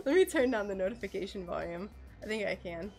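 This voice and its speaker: A woman's voice: medium pitch, huge pitch swings, moderate pace, soft background music. A woman with an American accent chatting casually to viewers while doing stained glass on a livestream, giggly and full of fillers.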